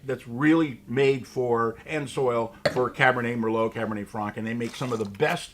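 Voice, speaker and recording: A man's voice: mid-range voice, steady tone, moderate pace, fairly bright tone. A man co-hosting a casual wine tasting chat, emphatic and joking.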